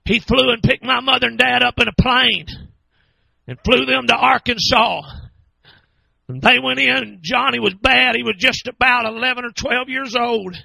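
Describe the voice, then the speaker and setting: High, gravelly preacher shouting a sermon. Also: male voice, normal speed, no echo, poor audio. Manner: fervent storytelling preacher, often shouting. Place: church.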